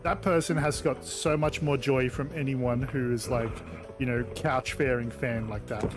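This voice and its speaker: A man chatting loosely while playing a game, swearing and telling animated stories. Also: medium pitch, normal speed, music in the background. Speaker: gaming channel host. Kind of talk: casual chat while playing.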